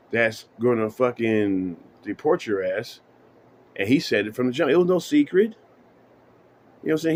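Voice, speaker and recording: A man's voice: mid-range voice, a little mellow, a little hiss or hum. A man giving a casual, profane monologue as a vlogger, emphatic and full of "you know what I'm saying.".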